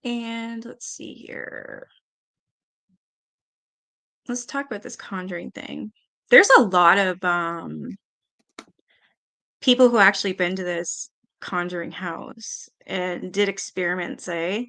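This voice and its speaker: A woman hosting a live-stream panel, chatting casually and reading viewer comments aloud with quick asides. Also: lowish voice, gravelly. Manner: chatty, animated, quick asides and little laughs.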